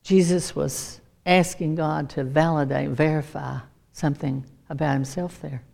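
Woman preacher, sermon, emphatic, repeats points, lowish voice. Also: fairly even intonation, measured pace, creaky, darkish tone. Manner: emphatic, repeats key lines.

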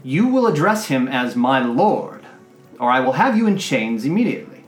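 A man's voice: mid-range voice, animated, moderate pace, roomy sound, soft background music, pitched above the performer's own voice, natural voice. A man voicing a haughty, commanding noblewoman in a tabletop game. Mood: threatening. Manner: haughty, clipped orders. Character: stern commanding noblewoman, imperious.

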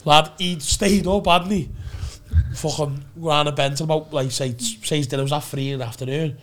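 A man's voice: on the high side, fairly even intonation, normal speed, a bit bright. A man with a Scouse accent, telling long rambling stories in casual chat with lots of swearing and restarts. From Liverpool, England. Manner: rambling storytelling, heavy swearing, many restarts. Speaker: podcast guest.

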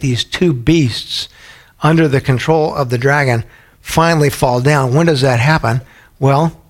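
A man teaching a Bible study in a sermon style, often putting questions to his listeners. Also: on the high side. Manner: asks the audience questions often.

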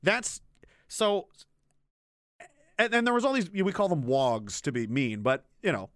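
Blunt, profane man with a smooth voice. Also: on the high side, measured pace, fairly bright tone, dry recording, clean studio sound. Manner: blunt and profane, with frequent trailing restarts. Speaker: streamer and military veteran. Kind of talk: casual unscripted rant.

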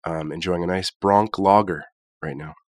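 Deep-voiced, congested, laid-back man. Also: moderate pace, no room sound, studio quality. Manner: laid-back, rambling, drifts between thoughts. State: congested from illness. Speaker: podcast co-host. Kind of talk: casual chat.

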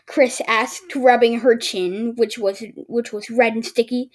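A woman's voice: fairly high pitch, steady tone, unhurried. A woman hosting a casual home podcast, reading a book aloud with stumbles and sarcastic asides. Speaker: podcast host.

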